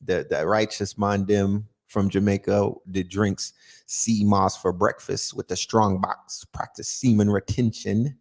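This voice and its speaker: A man's voice: on the low side, steady tone, measured pace. A man hosting a casual live-stream chat, joking around and tagging lines with "you know what I'm saying". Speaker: host.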